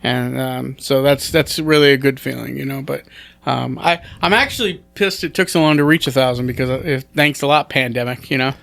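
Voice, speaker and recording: Gravelly-voiced rambling comedian. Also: male voice, medium pitch, brisk, a bit bright, no room sound. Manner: rambling, restarts a lot, self-deprecating. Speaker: stand-up comedian guest. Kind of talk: casual podcast chat.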